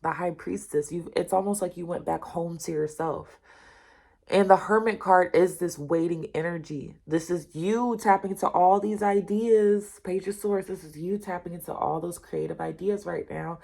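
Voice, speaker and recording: A woman's voice: fairly low pitch, normal speed, creaky, darkish tone. A woman giving a casual spoken tarot reading, talking straight to the listener, repeating her points with emphasis and reassurance. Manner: direct, repetitive, addresses the listener as you and y'all. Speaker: tarot reader.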